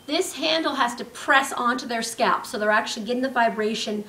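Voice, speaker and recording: A woman teaching a clinical skills demonstration, explaining step by step with frequent pauses and fillers. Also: fairly high pitch, sharp tone. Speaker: nursing instructor. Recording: roomy, distant mic with faint ambience.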